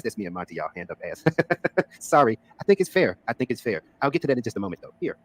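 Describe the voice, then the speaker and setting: A man commenting on online drama, sarcastic and quick. He talks at a brisk clip in an ordinary mid-pitched voice. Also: big pitch swings. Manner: sarcastic, explaining. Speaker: commentary streamer.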